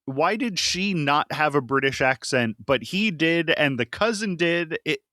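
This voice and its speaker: A man's voice: fairly high pitch, lively intonation, a little slow, sharp tone, dry recording, clean studio sound. A man co-hosting a casual podcast, giving blunt opinions with a wry chuckle. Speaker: podcast co-host. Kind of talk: casual chat.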